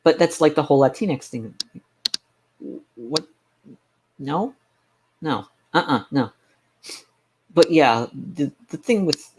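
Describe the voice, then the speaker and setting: A man's voice: mid-range voice, unhurried, pauses often, background noise. A man chatting casually on a live stream, ranting sarcastically and rambling with frequent restarts. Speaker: game streamer.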